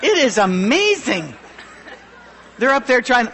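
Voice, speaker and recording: A middle-aged man pastor giving a humorous, self-deprecating sermon with a thin, high voice. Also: animated, moderate pace, a bit bright, big-room sound, a faint crowd, slight background noise.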